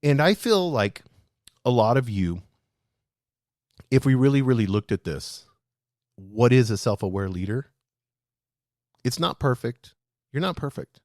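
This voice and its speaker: A man hosting a leadership show, speaking straight to his listeners in a lively, animated way. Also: medium pitch, measured pace, pauses often, dry recording, studio quality. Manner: animated, addresses listeners as "guys". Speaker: podcast host.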